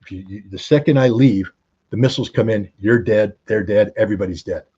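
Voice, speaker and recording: Husky, dark-voiced man telling war stories. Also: lowish voice, a little fast. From United States. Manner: animated anecdotes, acting out quoted dialogue. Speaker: guest, former weapons inspector. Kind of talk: interview storytelling. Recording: dull, slightly lo-fi audio.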